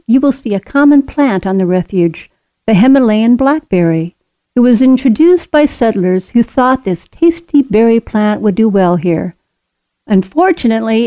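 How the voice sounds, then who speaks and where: A woman reading scripted narration for a wildlife auto tour in a steady, informative way. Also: on the high side, no echo. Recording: slightly dull lo-fi recording.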